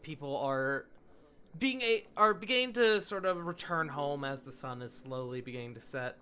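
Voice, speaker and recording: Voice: mid-range voice, lively intonation, normal speed, sharp tone, a little hiss or hum. A game master narrating a tabletop game in a casual, rambling way. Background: background music.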